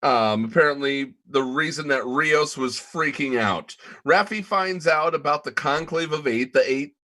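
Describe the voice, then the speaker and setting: A man's voice: on the high side, a little slow, sharp tone. A man hosting a casual group chat, recapping a TV episode with lots of fillers. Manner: loose, filler-heavy recap.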